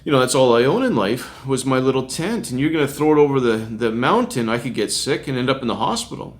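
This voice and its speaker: Chuckling middle-aged street minister. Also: male voice, medium pitch, lively intonation, quick pace. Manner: chuckles often while recounting, acts out quoted voices. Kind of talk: storytelling testimony.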